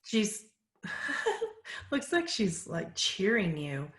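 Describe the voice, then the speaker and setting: Woman medium at a medium pitch, calm and measured, relaying messages, recorded in an echoey room. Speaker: psychic medium. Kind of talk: casual live Q&A.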